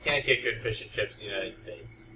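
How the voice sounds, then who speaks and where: A man co-hosting a casual tech podcast, talking in a playful, animated way and hamming up a dramatic reading. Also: on the low side, fast talker, reverberant, distant mic, over a noisy crowd, rough recording. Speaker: podcast co-host.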